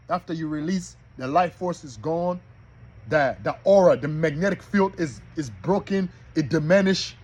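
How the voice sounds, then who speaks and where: A man's voice: fairly high pitch, normal speed, a little mellow, breathy edge, dull audio. A man preaching to an audience, emphatic and repetitive, addressing his listeners directly.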